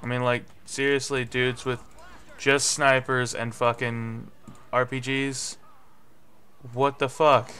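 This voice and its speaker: A young man doing live gameplay commentary, swearing and getting frustrated, with sudden yelling bursts. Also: medium pitch, little pitch movement, slow. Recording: faint music behind.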